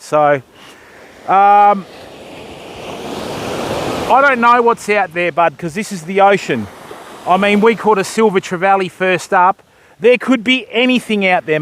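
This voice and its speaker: High-voiced older Australian fishing host. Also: male voice, fairly bright tone, a little hiss or hum. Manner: chatty, greets viewers by name, calls them mate and bud. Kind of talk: casual live-stream chat while fishing. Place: beach by the surf, outdoors.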